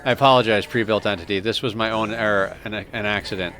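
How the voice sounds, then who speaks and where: Brief: stiff, formal alien machine creature for a game, low and steady, voiced by a man. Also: a little hiss or hum. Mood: apologetic. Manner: reads game dialogue aloud, stiff and deliberate.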